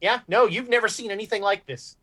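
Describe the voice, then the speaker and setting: A woman's voice: mid-range voice, quick pace. A woman narrating as game master in a casual tabletop game, laughing often as she talks. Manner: laughs often, relaxed and conversational.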